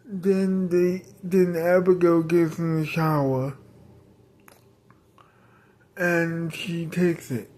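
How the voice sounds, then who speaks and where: A woman's voice: lowish voice, flat delivery, extremely slow, pauses often, dark tone. A woman improvising a rambling story, with many fillers and restarts.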